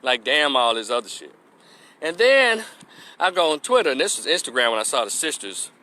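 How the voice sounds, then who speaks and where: This vlogger's medium-pitched voice is very animated, brisk and sharp-toned. He rants his opinions to the camera bluntly, profanely and mockingly, putting on exaggerated voices to mimic people.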